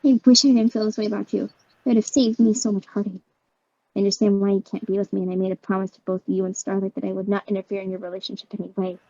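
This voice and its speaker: A woman's voice: mid-range voice, little pitch movement, racing, mellow, dry recording, muffled recording, pitched below the performer's own voice, lightly acted. A woman voicing a heartsick, earnest princess pony. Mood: heartbroken. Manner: earnest, restrained.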